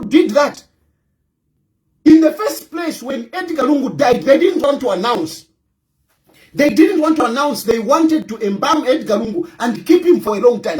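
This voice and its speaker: High-pitched, combative Zambian man. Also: rough recording. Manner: combative, repetitive, often shouting. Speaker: political commentator. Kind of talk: heated political rant.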